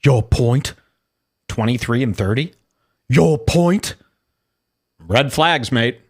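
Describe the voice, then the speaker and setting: A man's voice: mid-range voice, expressive, slow, pitched below the performer's own voice. A man reading a hot-headed British man's posts in a put-on British accent, furious and insulting. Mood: snappy. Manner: indignant, shouting insults.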